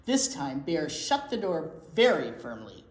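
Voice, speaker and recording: Woman, children's librarian, storytime read-aloud, slow, lively pitch, echoey room. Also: a little hiss or hum. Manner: unhurried, expressive reading to young kids. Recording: roomy echo.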